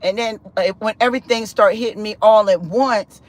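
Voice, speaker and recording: A woman in an animated spiritual testimony on a live stream, chatty and expressive, often calling the listener "honey" and "sis". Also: moderate pace. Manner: expressive and chatty, with big pitch swings and laughter; loose conversational speech with frequent "honey" and "sis".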